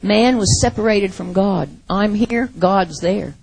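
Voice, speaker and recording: A woman preaching a sermon, slow and dramatic, swinging from loud to whispered. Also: medium pitch, creaky, slightly rough, no room sound.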